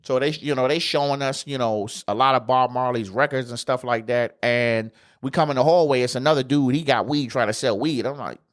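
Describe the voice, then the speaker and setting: A man's voice: mid-range voice, a little fast, hardly any pauses. A man hosting a podcast, telling a travel story in a loose, slangy, profane way with plenty of fillers. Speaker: podcast host. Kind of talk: casual storytelling.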